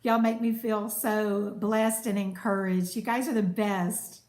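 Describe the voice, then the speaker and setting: A woman's voice: mid-range voice, little pitch movement, measured pace, a little mellow. A woman, chatting casually on a live stream and thanking viewers as she reads their comments. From United States. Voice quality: soothing voice. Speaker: cooking channel host. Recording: echoey room.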